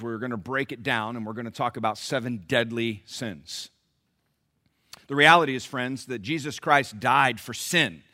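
A middle-aged man preaching a sermon, swinging from loud emphatic lines to quiet low asides and putting questions to the congregation. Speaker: pastor.

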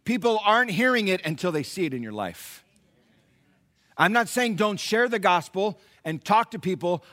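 A man preaching a sermon, retelling scripture dramatically, swinging from hushed lines to loud, animated asides. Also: high voice. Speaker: pastor.

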